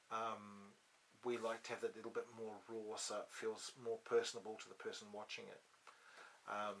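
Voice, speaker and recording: A man's voice: on the low side, a bit bright. A man hosting a casual studio chat, rambling with many restarts and ums, on a studio microphone. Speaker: host. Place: podcast studio.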